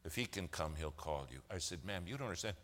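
A deep-voiced man preaching through a story, his tone bright and forceful. He slips into the voices of the people he quotes as he goes. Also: fast talker. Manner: animated storyteller, acts out quoted dialogue. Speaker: speaker telling a church story. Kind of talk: sermon storytelling.

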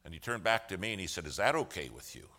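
A man, a lawyer by trade, telling a story in a sermon. He acts out the other people's lines with humor and gets loud at key moments. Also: deep voice, fast talker. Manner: animated storyteller, acts out quoted voices with humor. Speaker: lawyer giving a testimony.

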